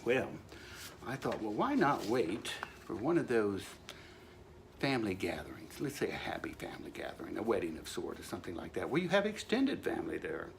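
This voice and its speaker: Male host, comic monologue, gravelly, wry and mock-solemn. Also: fairly low pitch, huge pitch swings, a little fast, slight background noise. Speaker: show host.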